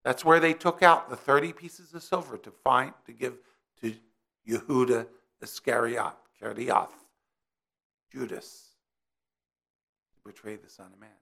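A man's voice: medium pitch, steady tone, unhurried, vocal fry, long pauses, bright, forceful tone. A middle-aged man from New Jersey preaching a sermon in a conversational way, weaving in personal stories.

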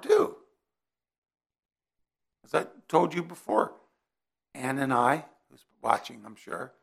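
A man's voice: fairly high pitch, vocal fry, fairly bright tone, husky. A middle-aged man from New Jersey preaching a sermon in a conversational way, weaving in personal stories.

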